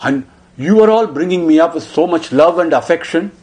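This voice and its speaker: A man's voice: medium pitch, expressive, moderate pace, a little mellow, close to an everyday voice. A man voicing a young prince who pleads in tears, desperate and sobbing. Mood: anguished.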